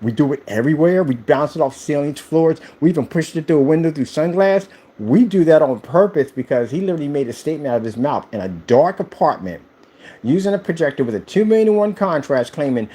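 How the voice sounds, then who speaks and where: Husky, animated man ranting on a livestream. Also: fairly high pitch, brisk. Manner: animated and ranting, full of rhetorical questions. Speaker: owner of a screen paint company.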